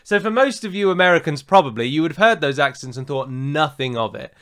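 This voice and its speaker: English man, southern accent, co-host, opinionated casual chat, fairly high voice. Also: fast talker, clear, resonant tone. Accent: southern English standard. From England. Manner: opinionated, animated with frequent fillers. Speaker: podcast co-host.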